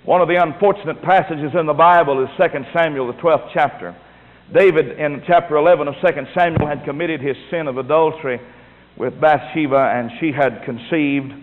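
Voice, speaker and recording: A man preaching a sermon in a folksy, emphatic way. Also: on the high side. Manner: folksy, emphatic preaching with rising and falling delivery. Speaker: pastor. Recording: tinny phone-like sound with long hall reverb.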